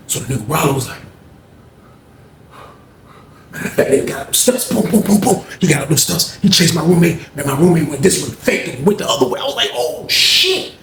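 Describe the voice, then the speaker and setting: A man tells a profane story in casual fashion, acting out each moment with animation. His pitch sits fairly high and his tone is darkish, and the echoey room holds faint background noise.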